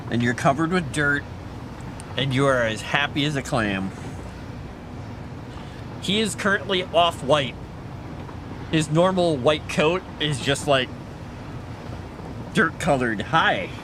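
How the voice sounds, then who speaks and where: A man's voice: fairly high pitch, lively intonation, slow pace, long pauses, background noise. A man streaming a video game at home in a casual chat, stopping to coo at his cat. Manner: chatty, coos and baby-talks to his cat. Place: home, indoors.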